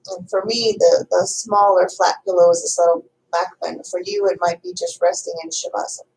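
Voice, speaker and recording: A woman yoga teacher, likely in her thirties, guiding a slow restorative yoga class in a calm, chatty way with fillers and small asides. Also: lowish voice, rough recording. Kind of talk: guided restorative yoga instruction.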